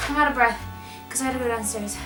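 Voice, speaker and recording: A woman's voice: on the high side, fairly quick, distant mic. A young woman vlogging casually while wrapping gifts, rambling and self-mocking and easily sidetracked, recorded on a camera mic in a room at home. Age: young adult. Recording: echoey room, voice off-mic, music behind.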